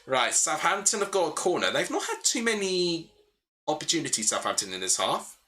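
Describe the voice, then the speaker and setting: Bright-voiced young man hosting a football watchalong. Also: fairly high pitch, huge pitch swings, a little fast. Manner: chatty, thinking aloud, answering chat between play calls. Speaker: livestream host. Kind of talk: live football watchalong commentary, chatting with viewers.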